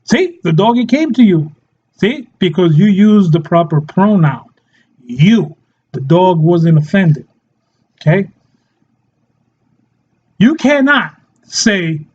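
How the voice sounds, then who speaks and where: A man with a high, light voice delivers a mock-serious satirical rant, taking his time over every line. He is sarcastic and keeps slipping into laughter and quick put-on voices. The recording sounds dull and lo-fi. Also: big pitch swings, a little mellow, slightly rough. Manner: sarcastic, often breaks into laughter; acts out short quoted voices. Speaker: satirical commentator.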